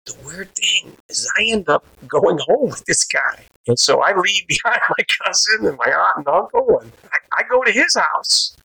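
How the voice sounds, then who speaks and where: Testimony speaker, male, gravelly and husky, bright edge, casual street talk, acts out the dialogue. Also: sits high, moderate pace, hardly any pauses, rough recording. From Bridgeport, Connecticut, USA. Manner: animated storyteller acting out quotes. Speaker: preacher giving his testimony. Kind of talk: personal testimony storytelling.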